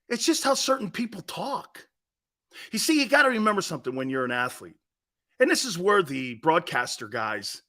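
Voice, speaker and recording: A man's voice: sits high, bright, forceful tone. A man hosting a sports talk show, ranting with emphatic, combative opinions and repeating himself for emphasis.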